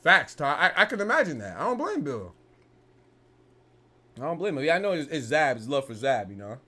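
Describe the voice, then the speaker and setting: A young man hosting a casual boxing podcast, talking in a heated, animated way and peppering his lines with "bro" and profanity. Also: a little high, a little fast. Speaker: podcast host.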